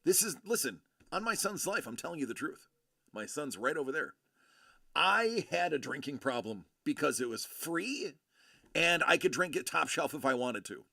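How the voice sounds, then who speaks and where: A man's voice: a little high, very animated, moderate pace, vocal fry, pushed and bright, dry recording, clean studio sound. A man in his forties from Buffalo, New York, hosting a live show and telling rambling stories with lots of fillers and restarts. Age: 40s. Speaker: host of a collectibles live show. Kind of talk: casual live-stream chat.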